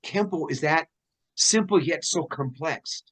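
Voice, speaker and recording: Animated storytelling man, higher voice. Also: measured pace, slightly rough. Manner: animated, laughs often, acts out dialogue. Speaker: host. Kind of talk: casual storytelling interview.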